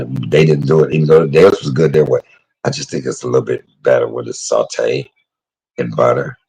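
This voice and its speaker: A man's voice: very deep voice, vocal fry, husky, rough recording. A middle-aged man chatting casually as he cooks, emotional and talkative, reading out viewers' comments as he goes. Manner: emotional, chatty, talks to live chat by name. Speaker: cooking vlogger. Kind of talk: casual cooking talk to viewers.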